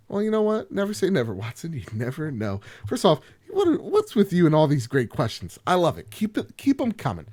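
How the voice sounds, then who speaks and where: A man hosting a gaming podcast alone, joking and rambling as he swings from loud outbursts to quiet asides. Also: on the high side, wildly swooping pitch, brisk, few pauses. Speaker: podcast host. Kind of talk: solo podcast chat.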